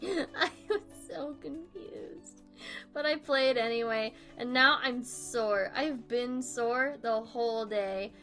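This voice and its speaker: A woman's voice: a little high, takes it slowly, fairly bright tone, faint music behind. A young woman in her twenties chatting casually on a drawing stream, rambling and self-deprecating, often laughing.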